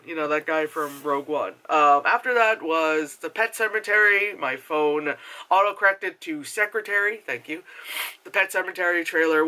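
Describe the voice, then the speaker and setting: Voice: mid-range voice, pushed and bright, clear, resonant tone. A movie reviewer talking casually to a camera, swearing freely, filling the talk with fillers and tangents, and mimicking other people. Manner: heavy filler words, goes off on tangents. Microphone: camera mic.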